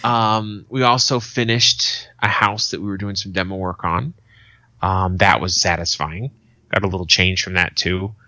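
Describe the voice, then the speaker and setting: Male podcast co-host, thirties, swearing storyteller, bright edgy tone, dry close sound. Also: sits low, fairly even intonation, moderate pace, dry recording, lo-fi sound. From Arizona, USA. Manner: swearing, storytelling with acted quotes. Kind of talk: casual chat.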